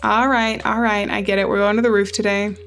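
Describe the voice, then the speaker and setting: A woman's voice: mid-range voice, little pitch movement, fairly quick, fairly bright tone, soft background music. A woman playing a narrative game, chatting casually and reading the game text aloud in a thoughtful way. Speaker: let's play gamer.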